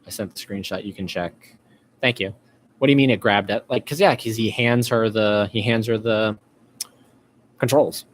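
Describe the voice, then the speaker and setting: A man with a fairly low voice hosts a casual live stream, talking in loose, rambling runs full of fillers and restarts. A faint noise sits under the recording. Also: fairly even intonation, normal speed, long pauses. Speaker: podcast host. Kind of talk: live-stream chat reading viewer comments.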